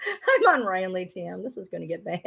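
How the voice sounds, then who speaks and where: A woman chatting casually on a livestream, animated, swearing freely and often breaking into laughter as she talks back to viewers. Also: medium pitch, moderate pace, vocal fry, breathy edge. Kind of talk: casual live commentary.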